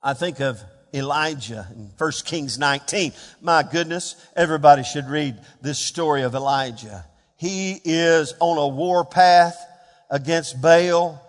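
A man preaching a sermon as a pastor, swinging between hushed, quiet passages and louder emphatic ones. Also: a little high, unhurried, long reverb tail. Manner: dynamic preaching, dropping to hushed tones and rising for emphasis.

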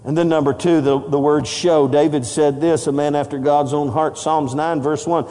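Older male pastor, high voice, impassioned sermon, big church reverb. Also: fairly even intonation, moderate pace, few pauses. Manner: impassioned, rising to shouts. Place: church sanctuary. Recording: long hall reverb.

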